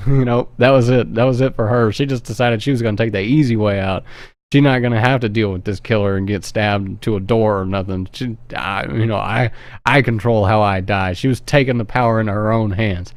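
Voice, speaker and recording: Male reviewer, rambling profane synopsis, mid-pitched, dead-dry room. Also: steady tone, a little fast, no echo. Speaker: movie reviewer. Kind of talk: casual film synopsis.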